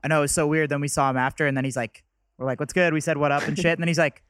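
A man's voice: a little high, steady tone, racing, a bit bright, clean tone, no room sound, studio quality. A man hosting a podcast, trading joking banter in a casual chat. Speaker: podcast host.

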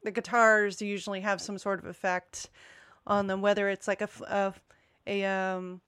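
A woman's voice: medium pitch, flat delivery, moderate pace, fairly bright tone, clean tone, dry recording, clean studio sound. A woman chatting casually on a music podcast, rambling with many restarts. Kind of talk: casual chat.

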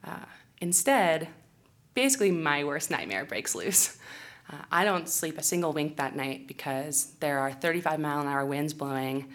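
A woman's voice: deep voice, lively intonation, normal speed. A young woman, an outdoor educator, telling a funny self-mocking story on stage into a microphone, laughing often. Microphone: handheld or stage microphone.

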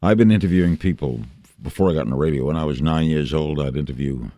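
A man in his eighties from New York, a veteran broadcaster telling stories in a brisk, rambling interview chat. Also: very deep voice, mellow, no room sound. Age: 80s. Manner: brisk, anecdotal, jumps between thoughts.

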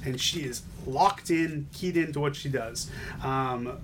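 A man's voice: mid-range voice, measured pace, a bit bright, slight background noise. A man co-hosting a podcast, casually reading comic credits and recapping issues with jokes. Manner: joking, reads credits then recaps. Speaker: podcast co-host. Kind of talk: casual comic book review chat.

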